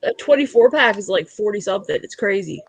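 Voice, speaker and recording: A woman's voice: mid-range voice, animated, quick pace, vocal fry. A woman from Newfoundland with a Newfoundland accent, chatting casually and laughing often. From Newfoundland, Canada. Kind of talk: casual chat.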